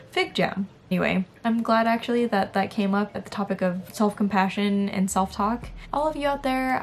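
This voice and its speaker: A young woman in her twenties talks casually to her camera at the end of the day. Her voice is soft-spoken and meandering, with sighs between thoughts and a noticeable gravelly fry. Her pitch sits in an ordinary middle range for a woman. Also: slight background noise. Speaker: beauty vlogger. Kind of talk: casual nighttime chat to camera.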